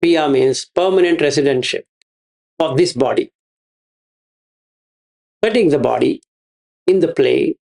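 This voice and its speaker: A man's voice: a little high, creaky, darkish tone. A man giving a Buddhist teaching, repeating his phrases and asking rhetorical questions. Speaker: meditation teacher.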